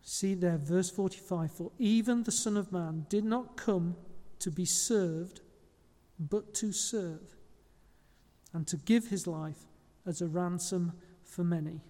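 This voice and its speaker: A man's voice: high voice, slow, dark tone, in a large hall. A man preaching a sermon as pastor, speaking conversationally and correcting small slips as he goes.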